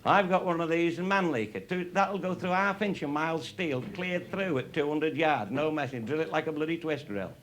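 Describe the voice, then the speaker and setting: A man's voice: a little high, moderate pace, few pauses, a bit bright. An older man from England telling crude, humorous hunting and shooting stories to a live audience, laughing often as he goes. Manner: salty, laughing, showing cartridges. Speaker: raconteur. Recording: noisy live recording.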